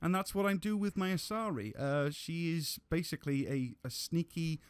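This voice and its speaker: A man's voice: fairly high pitch, moderate pace, smooth. Chatty man streaming a game. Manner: rambling with restarts, casual swearing. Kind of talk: gameplay commentary.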